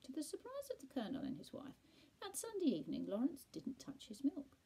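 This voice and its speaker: A woman reading a bedtime story aloud, soft, with hushed asides to a listener. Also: sits high, wildly swooping pitch, a little fast, vocal fry, poor audio.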